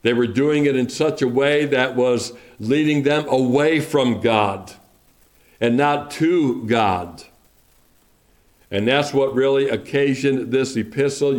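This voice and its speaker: Male pastor, mid-pitched voice, slow and deliberate sermon delivery with emphatic repetition.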